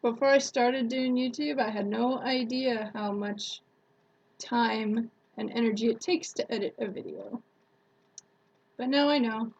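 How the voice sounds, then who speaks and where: A woman's voice: on the high side, fairly even intonation, unhurried, gravelly, a little mellow, dull audio. A woman YouTuber chatting casually on a live stream who laughs often and retells stories with acted-out quotes.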